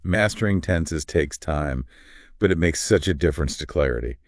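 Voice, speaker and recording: A man's voice: rumbling low, animated, moderate pace, dry recording, clean studio sound. A man co-hosting a scripted conversation about learning English, agreeable and prompting follow-ups. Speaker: co-host. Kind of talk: scripted two-host explainer on learning English.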